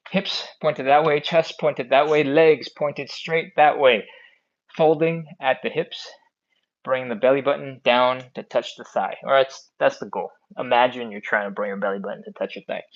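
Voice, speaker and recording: A man's voice: a little high, dull audio. A man hosting a live follow-along stretching class, counting down holds and chatting with viewers as he reads their comments. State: a bit out of breath. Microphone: phone on a stand.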